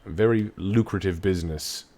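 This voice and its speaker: A man narrating as game master of a tabletop game, relaxed and chatty, voicing townsfolk as he goes. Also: sits low, fairly quick.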